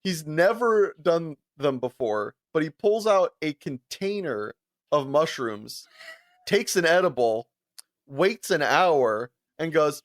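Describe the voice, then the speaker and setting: A man's voice: slow pace, no echo, clean studio sound. A man co-hosting a podcast, telling stories in casual chat, laughing often and acting out the people he quotes. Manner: animated, laughs often, acts out quotes in higher voice. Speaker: podcast co-host.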